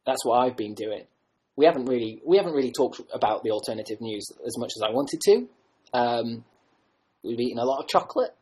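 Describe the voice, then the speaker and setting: Male livestreamer, husky voice, meandering self-mocking patter, webcam mic at home. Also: mid-range voice, lively intonation, fairly quick, darkish tone, rough recording. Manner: joking, rambling, self-mocking. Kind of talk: rambling casual livestream chat.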